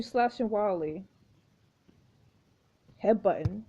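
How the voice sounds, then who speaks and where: Mellow woman narrating a story game. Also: on the high side, normal speed. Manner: expressive, exclaiming reactions. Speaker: gameplay narrator. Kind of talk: reading a story game aloud with commentary. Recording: dull lo-fi recording.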